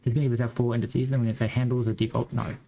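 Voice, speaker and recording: Western Australian man, live coding stream, rambling self-talk, slightly gravelly, mid-pitched. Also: little pitch movement, very fast, dark tone, slight background noise, poor audio. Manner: rambling, thinking aloud while coding. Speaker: game developer streamer.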